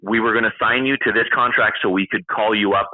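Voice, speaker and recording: A man in his forties, a retired hockey player and podcast guest, telling animated stories, acting out quoted dialogue and swearing freely. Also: lowish voice, brisk, no echo. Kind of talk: casual storytelling interview. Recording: tinny phone-like call line.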